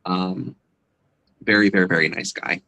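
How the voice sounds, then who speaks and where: A man's voice: sits low, fairly even intonation, moderate pace, gravelly, bright, forceful tone, poor audio. A man being interviewed as a guest, talking casually and rambling with fillers and restarts. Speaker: guest, psychic medium and convention organizer.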